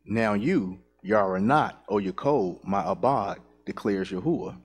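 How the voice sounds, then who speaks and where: A man reads scripture aloud in a slow, deliberate cadence, his voice husky and a little rough. It sits low in pitch. He gives each phrase a measured, steady weight. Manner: measured, deliberate reading aloud, with short affirmations. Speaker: scripture reader.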